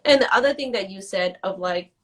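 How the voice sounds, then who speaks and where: A woman guest in a casual interview, talking in quick animated bursts and acting out quoted conversations. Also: mid-range voice. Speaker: guest, business strategist.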